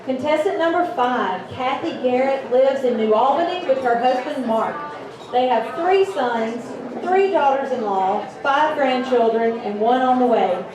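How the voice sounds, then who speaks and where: A woman announcer reading out a contestant's introduction in a clear, even way. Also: high voice, a little slow, crowd noise. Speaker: event announcer. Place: event hall with audience. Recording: echoey hall, distant mic.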